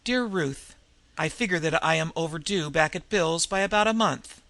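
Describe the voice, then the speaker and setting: A man voicing a kind young woman who reads a letter aloud gently. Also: on the high side, moderate pace, gravelly, dry recording. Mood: reading.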